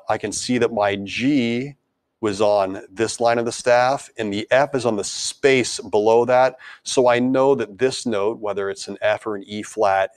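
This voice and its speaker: A man's voice: lowish voice, dry recording. A man teaching a beginner band lesson, explaining tonguing and foot tapping and counting rhythm syllables aloud. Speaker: music teacher.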